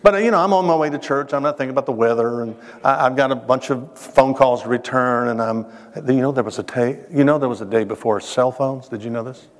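A male preacher talks his church through a sermon in a chatty, storytelling way, often asking the congregation questions and pausing for effect. His voice is of middle pitch, and it rings out with a long hall reverb. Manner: conversational, addresses the congregation directly with questions; restarts phrases, dramatic pauses. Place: church sanctuary.

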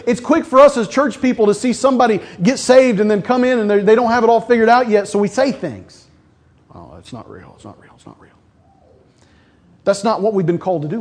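Man, pastor, sermon, high voice, middle-aged, conversational, joking. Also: darkish tone. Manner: conversational preaching with jokes and acted quotes.

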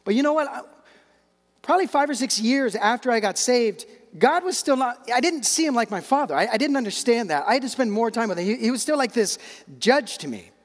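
A man's voice: extremely high pitch, lively intonation, a little fast. A middle-aged man preaching a sermon as a pastor, talking in a loose, conversational way with asides and repeated words. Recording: long hall reverb.

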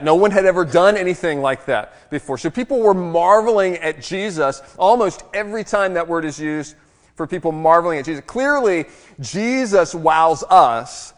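A pastor delivers a sermon in a lively, conversational manner, now and then slipping in a self-deprecating aside. His voice is a little high for a man, and in the church sanctuary a long reverb trails each phrase.

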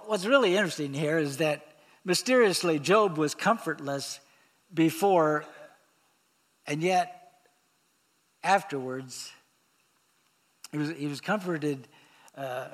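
Slow, unhurried male preacher. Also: on the high side. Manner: unhurried, halting delivery with pauses and fillers; reads scripture aloud, then explains it plainly. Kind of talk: sermon on scripture.

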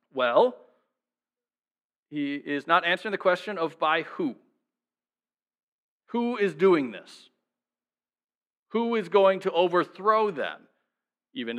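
A man preaching from the pulpit with a bright, forceful tone and a slightly high pitch for a man. He talks to the congregation casually and keeps throwing rhetorical questions at them. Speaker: pastor. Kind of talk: sermon.

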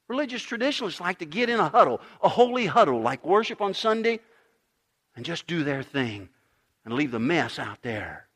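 A middle-aged pastor preaching a sermon, emphatic, dropping to a hush and then rising loud again. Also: male voice, a little high. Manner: emphatic preaching, swinging between loud and hushed.

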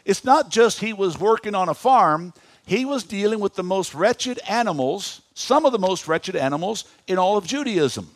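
A man in his fifties preaching a sermon in a church, animated, asking the congregation questions. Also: high-pitched, moderate pace, no room sound, studio quality. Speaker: pastor.

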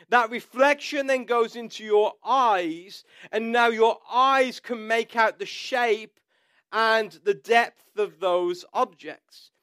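A man's voice: very high-pitched, fairly bright tone, no room sound. A man giving a sermon as a pastor, telling stories in a conversational way with asides.

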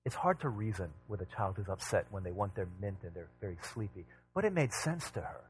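A man preaching a sermon as pastor, building to emphatic repeated questions and dropping low for quieter asides, with a homey story. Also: animated, a little fast, slightly rough, soft background music. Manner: tells a homey family anecdote.

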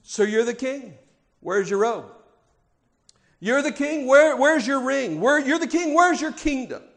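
A preacher putting on a scoffing Roman governor. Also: male voice, high voice, expressive, brisk, creaky, in a large hall. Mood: mocking. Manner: sarcastic, needling questions. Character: mocking skeptical Roman governor, man.

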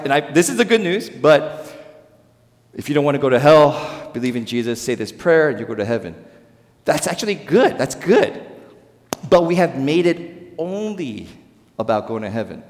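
A Korean-born man preaching a sermon as a pastor, with emphatic stresses that fall into quiet, low endings, and quoted voices acted out in dialogue. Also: expressive, moderate pace, big-room sound. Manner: emphatic, swings between loud stresses and quiet drops.

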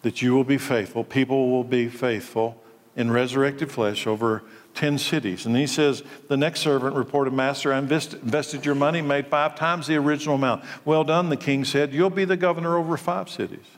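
A man's voice: medium pitch, steady tone, fairly quick. A male pastor preaching a sermon, emphatic and full of rhetorical questions. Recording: long reverb of a large hall.

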